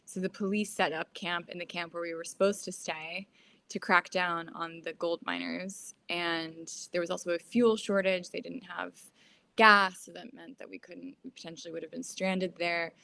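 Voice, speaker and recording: A woman with a lowish, gravelly voice chats in a relaxed way. She often trails off and restarts her sentences. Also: moderate pace. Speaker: guest. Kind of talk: casual chat.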